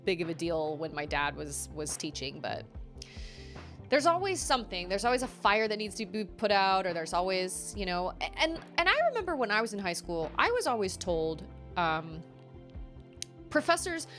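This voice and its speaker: A young adult woman, a live streamer, telling stories in a chatty, animated way with quick asides. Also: lowish voice. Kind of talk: casual storytelling on a live game stream.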